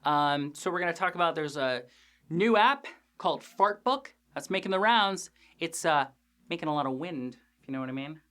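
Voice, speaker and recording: A woman's voice: low-pitched, animated, moderate pace, fairly bright tone. A woman hosting a TV after-show, reviewing an episode in a casual, joking way with frequent swearing. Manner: chatty, profane, joking asides.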